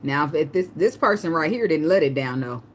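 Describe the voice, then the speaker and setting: Woman tarot reader, lowish voice, lively storytelling monologue, faint background hiss. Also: a little fast. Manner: animated storytelling, acts out begging in a high pleading voice, laughs often. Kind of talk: casual spiritual advice monologue.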